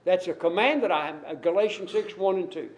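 Speaking fast in a high voice over poor audio, this preacher addresses his congregation earnestly, citing scripture and explaining it as his emphasis rises and falls.

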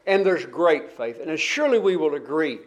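High-voiced male preacher telling a story. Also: very animated, normal speed. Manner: repeats words when restarting, folksy asides; retells a story with emphasis. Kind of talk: sermon.

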